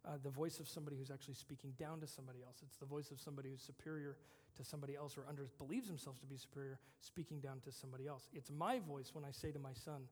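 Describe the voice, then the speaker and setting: A male pastor preaching a conversational sermon, moving between loud emphasis and hushed whispers. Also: on the high side, fast talker, long reverb tail.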